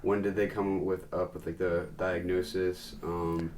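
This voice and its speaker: A man's voice: low-pitched, little pitch movement, a little slow, darkish tone, a little hiss or hum. A man interviewing a guest, asking questions hesitantly with many ums and restarts.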